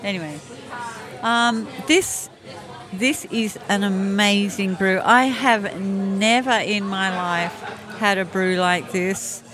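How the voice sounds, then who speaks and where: A woman's voice: mid-range voice, slow. A woman co-hosting a podcast in casual chat from a brewery taproom. She is chatty, trails off and gropes for words. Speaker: podcast co-host. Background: crowd chatter.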